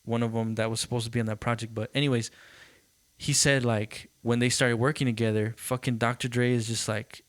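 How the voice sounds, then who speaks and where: Animated man telling stories, dry sound. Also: mid-range voice, a little fast, no room sound. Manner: animated storytelling, acts out quotes, swears freely. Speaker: podcast host. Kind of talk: casual chat.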